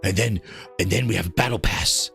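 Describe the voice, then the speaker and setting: A man doing a deep-voiced bragging action hero. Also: creaky, a bit bright, soft background music, heavily acted. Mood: pompous. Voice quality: deep, slow, heavily put-on accent. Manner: pompous, repetitive. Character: bragging male action-hero impression pitching a game.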